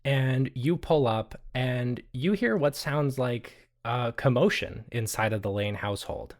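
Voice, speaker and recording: A man's voice: mid-range voice, unhurried. Casual swearing game master, young man. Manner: casual, profane, laughing asides. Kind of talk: narrating a tabletop game.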